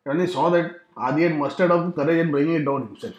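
A man's voice: a little high, fast, reverberant, muffled recording, soft background music. A man narrating a humorous travel story, acting out sound effects. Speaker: travel vlogger.

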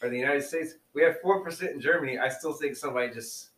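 A man's voice: mid-range voice, fast, fairly bright tone, recorded from a distance. Casual male podcast co-host, rambly and laughing, a bit off-mic in a roomy space. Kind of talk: casual chat.

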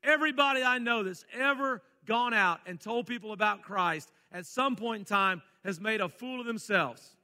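A man preaching a sermon, folksy, reading scripture and moving between quiet asides and loud, emphatic calls. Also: high voice, moderate pace, few pauses, in a large hall. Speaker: pastor.

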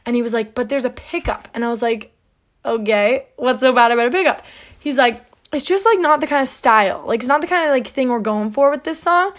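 Young female podcaster, slightly high-pitched, casual storytelling monologue full of "like". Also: fairly quick. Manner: chatty, peppered with "like", acts out quoted dialogue. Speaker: podcast host.

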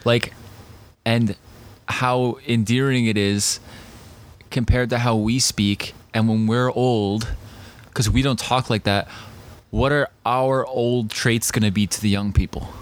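A man's voice: mid-range voice, fairly even intonation, slow. A young man in casual, rambling, profane conversation, joking with a friend. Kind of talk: casual chat.

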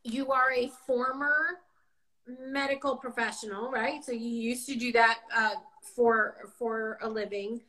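High, bright bubbly woman host. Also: fairly even intonation, unhurried. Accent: mixed American with some Southern. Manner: chatty, bubbly, filler-heavy. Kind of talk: casual chat on a livestream.

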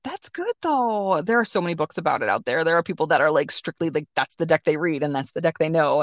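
A woman co-hosting a casual chat, supportive and quick to laugh along. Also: deep voice, animated, no echo. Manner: supportive, laughing back-and-forth. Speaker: podcast co-host.

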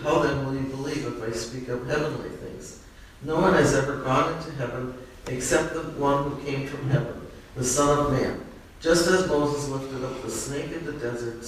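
A man in a class reading a Bible passage aloud at a steady, even pace. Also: mid-range voice, a little hiss or hum. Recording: echoey room, speaker far from mic.

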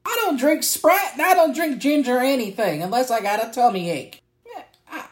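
A loud, cranky redneck cousin, as a woman puts him on, with a pitched-up, indignant voice that keeps rising into shouts. He complains and rants in a drawling country manner through an improvised comedy sketch. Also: expressive, normal speed. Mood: ranting. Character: loud cranky redneck cousin, grown man, fishing expert.

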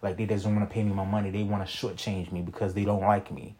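A man's voice: fairly low pitch, little pitch movement, quick pace, dark tone. A young man telling a personal story in a casual, rambling monologue, full of slang and "you feel me.". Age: young adult.

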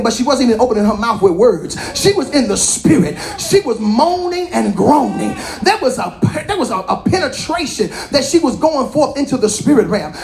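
A woman's voice: high-pitched, a little mellow. A woman apostle preaching a sermon, emphatic and colloquial, speaking straight to her congregation.

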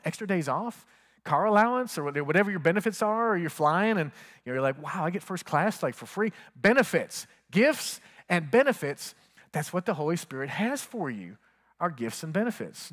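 With a long reverb tail behind him, a man preaches in a fairly high, fairly bright voice. Speaking as pastor, he talks with the congregation conversationally and puts questions to them.

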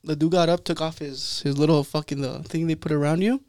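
A young man, a podcast co-host, telling stories in casual chat, swearing and acting out people in a higher voice. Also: fairly quick, dry recording, studio quality. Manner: animated storyteller, acts out quotes in a higher voice, swears a lot.

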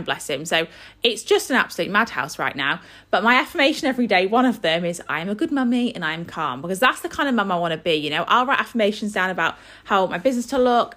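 A woman's voice: mid-range voice, fairly bright tone. A woman, hosting a podcast and talking casually and earnestly, with many "you know" and "like" fillers. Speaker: podcast host.

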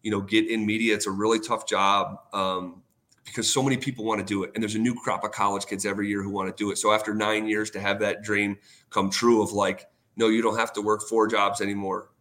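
A man's voice: on the low side, level tone, fast, fairly bright tone. A man in a casual interview, retelling a career story with lots of quoted dialogue, fillers and restarts. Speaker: sports radio host, guest.

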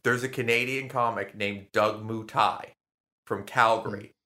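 A man's voice: on the low side, steady tone, measured pace, bright, forceful tone. A young man co-hosting a podcast, chatting casually with lots of fillers and swearing. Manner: rambling, profane, lots of fillers. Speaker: podcast co-host. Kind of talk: casual chat.

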